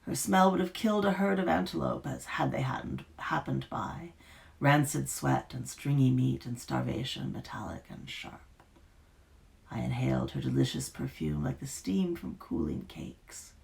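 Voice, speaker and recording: A woman author giving an expressive, dramatic live reading of her fiction. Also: a bass voice, normal speed, creaky.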